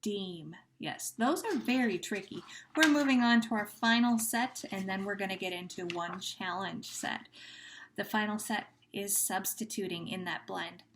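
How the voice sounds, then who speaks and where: A woman teacher at a typical female pitch guides young children through a phonemic awareness lesson, drawing out every word at a deliberately slow pace. She runs the sound drills with patience and soft praise, and there's a little hiss or hum.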